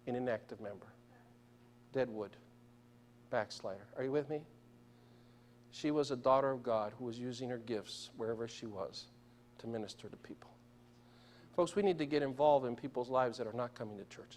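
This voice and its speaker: A man preaching a sermon in a church, telling stories and asking the congregation questions. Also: mid-range voice. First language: Spanish. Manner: storytelling, asks the congregation questions. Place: church sanctuary.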